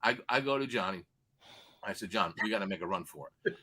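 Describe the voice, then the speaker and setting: A man's voice: on the low side, animated, fairly quick, a little hiss or hum. A man on a sports betting show, telling a long, profane story and acting out the other people in it. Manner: loud, swearing, acts out quoted people.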